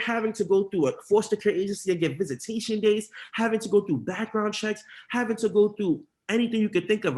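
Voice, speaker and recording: A young man, a campaign organizer, giving an impassioned and earnest personal account on a podcast. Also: a little high. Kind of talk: emotional podcast testimony.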